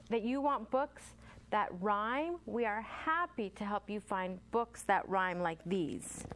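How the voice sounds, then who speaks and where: A woman's voice: medium pitch, animated, unhurried, a little hiss or hum. An American woman, a children's librarian, reading a rhyming picture book aloud at storytime. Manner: warm sing-song read-aloud.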